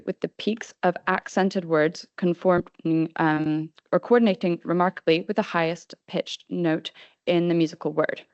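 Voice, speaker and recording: A young woman with a lowish voice presents a prepared academic paper. The sound is dry and slightly muffled, a lecture recording from a conference hall. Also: darkish tone. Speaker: conference speaker.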